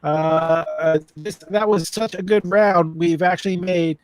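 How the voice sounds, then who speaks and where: High-pitched guy hosting a comedy game show, rambly and chatty, dry close mic. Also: steady tone, a little slow, no room sound. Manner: loose and chatty, many fillers and restarts. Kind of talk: casual live-stream game show hosting.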